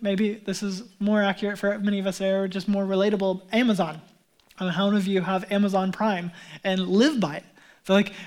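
A male pastor giving a conversational sermon, talking in a relaxed, chatty way with frequent fillers and restarts, and calling his listeners beloved. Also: sits high. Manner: addresses the congregation as beloved.

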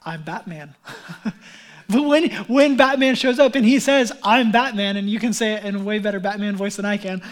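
A male pastor giving a conversational sermon, talking in a relaxed, chatty way with frequent fillers and restarts, and calling his listeners beloved. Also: high voice, fast, few pauses. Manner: addresses the congregation as beloved.

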